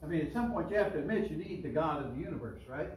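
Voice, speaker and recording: A man's voice: fairly high pitch, expressive, rapid-fire, darkish tone, a little hiss or hum. A man preaching a sermon as pastor, in a chatty way, pushing his voice up on the words he stresses. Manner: conversational preaching, rising emphatic on key words. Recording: roomy echo, mic at a distance.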